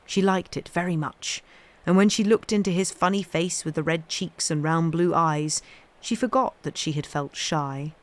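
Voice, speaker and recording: A woman's voice: fairly low pitch, normal speed. Woman reading a classic novel aloud. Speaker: reader.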